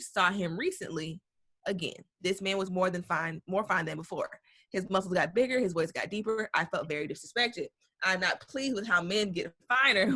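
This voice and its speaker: A woman with a lowish, pushed and bright voice co-hosts a casual podcast. She reads a listener's email aloud, peppering it with slang, swearing and bursts of laughter.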